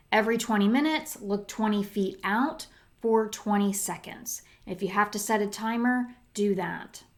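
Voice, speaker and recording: A middle-aged woman hosting a solo podcast, talking in a chatty way with lots of fillers and restarts. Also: mid-range voice. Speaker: podcast host.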